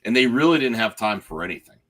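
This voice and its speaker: A man chatting casually about a TV finale, animated and often restarting his sentences. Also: fairly low pitch, fast. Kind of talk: casual spoiler chat.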